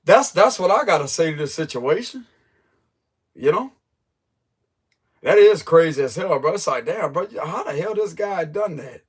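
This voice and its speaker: A man's voice: on the high side, animated, normal speed, long pauses, breathy edge. A man who reads tarot, telling a story in a loose, joking way full of slang. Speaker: tarot reader. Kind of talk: casual storytelling chat.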